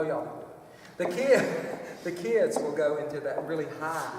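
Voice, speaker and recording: A man's voice: fairly high pitch, lively intonation, normal speed, darkish tone. A man leading a children's choir workshop, chatty and rambling, with playful vocal demonstrations. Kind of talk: music workshop lesson. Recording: echoey hall from far off.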